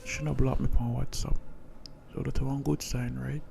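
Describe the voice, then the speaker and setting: A man's voice: medium pitch, little pitch movement, gravelly, background noise. A man voicing a jealous, touchy young Jamaican man in a cartoon, talking in patois and bickering. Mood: fretful. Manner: patois-heavy, accusing, quick to bicker. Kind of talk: cartoon voice acting.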